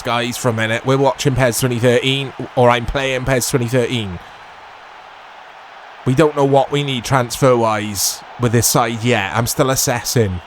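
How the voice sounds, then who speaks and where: A man commentating his own football video game play, excitable and self-mocking, shouting at big moments. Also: mid-range voice, a little hiss or hum. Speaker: gaming YouTuber. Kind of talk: gameplay commentary.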